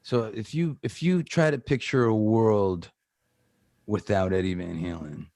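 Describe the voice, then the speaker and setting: A man with a somewhat low voice and a Canadian accent, talking casually as a guest on a chat show. He tells lively stories and acts out the lines of the people he quotes. The sound is dry and close, with hardly any room in it. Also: unhurried, vocal fry, no echo. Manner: animated storyteller who acts out quoted voices. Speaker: guest guitarist.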